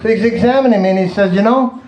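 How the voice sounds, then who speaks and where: A stand-up comedian in his 60s fires off one-liners in a fast, high-pitched, darkish voice, chuckling at his own jokes and sighing "terrible." The recording is rough and roomy.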